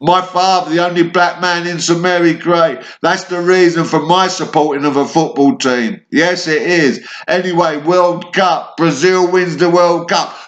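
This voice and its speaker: A man's voice: on the high side, steady tone, a little slow, few pauses, lo-fi sound. A man from Kent with a southern English accent, telling a rambling personal monologue in short, fragmented bursts that jump between memories. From Kent, England. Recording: echoey room.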